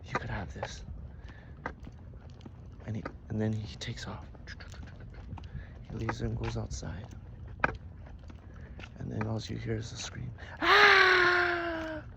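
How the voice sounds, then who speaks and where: A man telling an improvised story in a casual way, swinging between loud bursts and near-whispers. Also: on the low side, completely flat delivery, measured pace, vocal fry, long pauses. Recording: noisy background.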